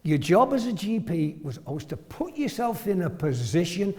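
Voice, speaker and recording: A man in his 70s from northern England, formerly a family doctor, shares comic, self-deprecating anecdotes with an audience and chuckles a lot. He speaks in a high, sing-song voice at a moderate pace with a darkish tone. The recording has long hall reverb.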